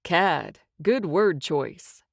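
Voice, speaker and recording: A woman's voice: low voice, sing-song, very slow, gravelly, dry recording, full character voice. Woman reading smug teasing guy wizard, mocking singsong, dry booth sound. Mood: flirtatious. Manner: mocking, sing-song taunts. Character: teasing, cocky male wizard rival.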